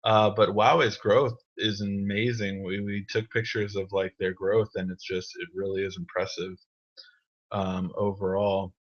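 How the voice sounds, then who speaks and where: Rambling tech host, lo-fi sound. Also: male voice, lowish voice, little pitch movement, measured pace. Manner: rambling, many ums and uhs, restarts. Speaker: tech show host answering viewer questions. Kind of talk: casual live Q&A. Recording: dull lo-fi stream audio.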